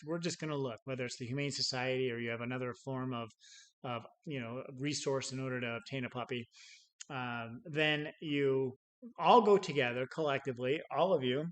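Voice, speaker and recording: A man's voice: mid-range voice, fairly even intonation, moderate pace. A middle-aged man teaching sales in an unscripted talk, telling stories with acted-out quotes, chuckling and restarting his phrases often. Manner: many restarts and repeated words. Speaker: sales trainer.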